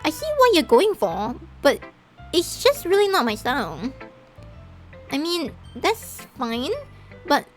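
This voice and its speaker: A woman's voice: sits high, very animated, slow pace, pauses often, soft background music, heavily acted. A woman voicing a prickly, defensive teenage girl in a visual novel, in a huffy, dismissive manner.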